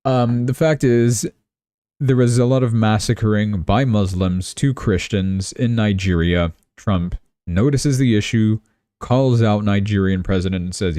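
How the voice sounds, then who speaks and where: A young man hosting a casual news livestream, chatty and sarcastic, tossing off quick asides. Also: lowish voice, dark tone, clear, resonant tone, no echo. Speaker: crypto and news livestream host.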